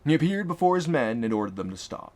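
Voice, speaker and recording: A man narrating his own fantasy audiobook in an expressive, dramatic reading. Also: fairly high pitch, fast talker. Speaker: author and narrator.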